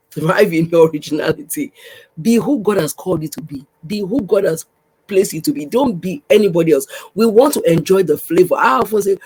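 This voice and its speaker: Woman podcast host, husky, exhortative, repeats key phrases to the listener. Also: medium pitch, rough recording. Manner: repetitive, exhorting, addresses listener warmly. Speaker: podcast host, pastor's wife. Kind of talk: faith podcast teaching.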